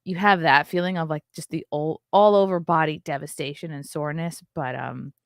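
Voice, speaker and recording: A woman's voice: low-pitched, steady tone, a little fast, creaky, dry recording, clean studio sound. A woman in her thirties hosting a casual livestream, gushing and chatty with lots of fillers. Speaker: livestream host.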